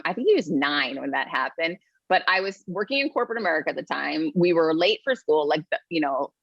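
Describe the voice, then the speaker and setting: Upbeat motivational woman guest, slightly low voice, muffled dry recording. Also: dry recording. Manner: energetic, emphatic, upbeat. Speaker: guest, keynote speaker and author. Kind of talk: podcast interview, motivational storytelling. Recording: dull dry sound.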